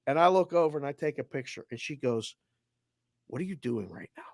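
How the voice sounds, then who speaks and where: Lively Boston man telling a story. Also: on the high side, brisk, vocal fry, no echo, clean studio sound. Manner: animated storyteller who acts out both sides of a conversation. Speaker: co-host of a sports betting show. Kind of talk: casual chat.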